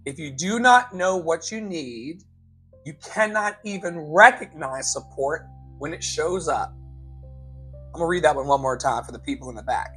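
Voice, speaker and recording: A man coaching his listeners in a live motivational talk, repeating key lines slowly for emphasis and calling them beloved. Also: on the high side, expressive, fairly bright tone, faint music behind, low-quality recording. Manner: emphatic, slow repetitions for effect. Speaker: life coach and show host.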